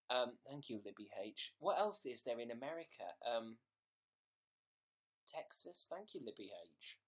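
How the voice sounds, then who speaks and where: A man's voice: mid-range voice, big pitch swings, a little slow. A young man casually hosting a livestream, reading viewer messages aloud and thanking them by name. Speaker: livestream host.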